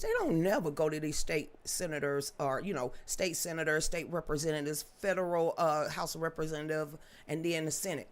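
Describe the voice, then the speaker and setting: A woman's voice: fairly low pitch, a bit bright. A middle-aged woman hosting a live political commentary stream, talking in a gloating, mocking way and breaking into sing-song chants. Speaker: host.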